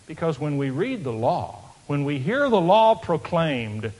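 A man delivers a sermon as a pastor, his voice sitting a touch higher than most men's. He pushes key phrases out loudly and then drops to a near-murmur for reflective lines. The delivery is earnest and emphatic throughout. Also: very animated, unhurried. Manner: emphatic, swinging from loud declarations to hushed asides. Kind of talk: preaching a sermon.

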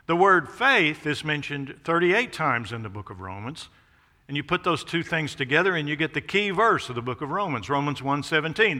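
Emphatic preacher in a reverberant hall. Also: male voice, big pitch swings, brisk. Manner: emphatic preaching, swells loud then drops low. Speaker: pastor. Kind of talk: sermon. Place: church sanctuary.

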